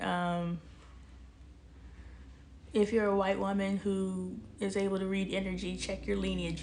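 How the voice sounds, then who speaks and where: An animated woman holds forth on her own livestream, preachy and quick to laugh as she answers the chat. Her voice sits at an ordinary middle pitch, close to the mic, with a faint hum of room noise behind her. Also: vocal fry. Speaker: livestream host and self-help author. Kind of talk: casual livestream monologue.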